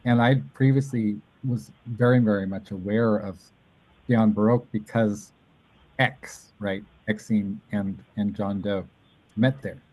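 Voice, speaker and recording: A man's voice: on the low side, steady tone, a little slow, darkish tone, no echo, rough recording. A man hosting a casual chat, telling a long rambling story and animatedly mimicking the voices of people he quotes. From Southern California. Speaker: podcast host.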